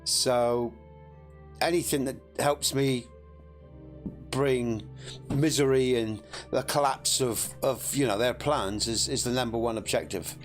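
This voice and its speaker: A man's voice: medium pitch, steady tone, takes it slowly, faint music behind. A man giving casual gameplay commentary, chatty, laughing often and self-deprecating. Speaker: gameplay streamer.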